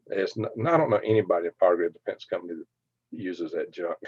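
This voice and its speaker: A man's voice: low voice, a little fast, long pauses, a little mellow, breathy edge, dry recording, lo-fi sound. A man with a Southern US accent hosting a casual livestream chat, rambling in a folksy way and chuckling often. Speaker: livestream host. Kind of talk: casual livestream chat, reading viewer comments.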